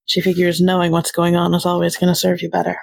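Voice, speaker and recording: A woman playing a tabletop game, calmly narrating her character's actions in third person. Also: on the low side, quick pace, creaky, no room sound. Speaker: player.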